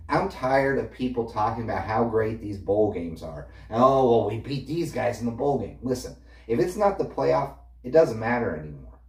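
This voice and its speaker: A man's voice: fairly low pitch, a little mellow. A man ranting about football in a casual, opinionated and dismissive way, reeling off stats. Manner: opinionated, dismissive, stat-heavy. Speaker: sports fan ranting. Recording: echoey room, a little far from the mic.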